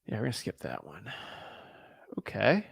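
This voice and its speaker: Animated man ranting between cold calls. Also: fairly low pitch, moderate pace, vocal fry, slightly rough, dry recording, clean studio sound. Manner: animated, repeats words when worked up. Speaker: real estate wholesaler cold calling sellers.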